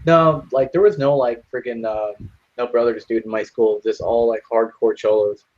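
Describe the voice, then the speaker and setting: A young man rambles through a story over an online game lobby chat, swearing freely and leaning on like and you know. His voice sits at an ordinary middle pitch, and the audio is dull and lo-fi through a headset. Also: fairly even intonation, moderate pace.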